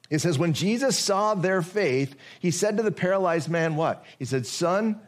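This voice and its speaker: A pastor with a somewhat high male voice delivers a sermon. He talks to the congregation in a conversational way, asking rhetorical questions. He slows down to read scripture deliberately. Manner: reads scripture slowly and deliberately.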